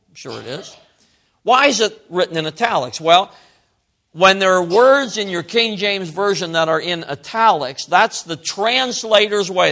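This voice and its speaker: A middle-aged man preaching a sermon, swinging from loud emphasis to quiet asides. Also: on the high side, gravelly.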